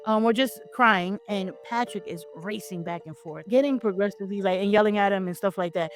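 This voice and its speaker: A woman's voice: medium pitch, brisk, faint music behind. A woman co-hosting a casual film discussion, recapping the plot step by step in a chatty way. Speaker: podcast co-host.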